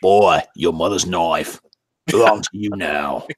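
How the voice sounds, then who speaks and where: A man's voice: sits low, takes it slowly, no room sound. A man voicing a stern, hulking male warrior god from a video game in a put-on Cockney accent that drifts toward Australian. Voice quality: growling, heavy.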